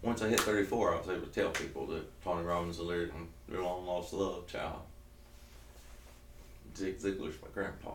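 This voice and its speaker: A man in his thirties with a thick Southern drawl talks loosely and jokily, starting sentences over and drifting between thoughts. His voice sits on the low side. He sounds set back from the mic in a roomy, echoing space. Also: fairly even intonation, moderate pace, distant mic, a little hiss or hum. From South Georgia, US. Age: 30s. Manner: rambling, jokey, self-interrupting. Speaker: keto vlogger. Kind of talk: casual rambling vlog.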